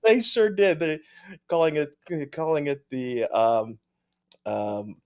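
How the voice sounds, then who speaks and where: A man's voice: on the high side, sing-song, takes it slowly, a little mellow, slight background noise. A man co-hosting a podcast, reading listener mail in a chatty way, laughing often and trailing off mid-sentence. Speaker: podcast co-host. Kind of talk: casual chat.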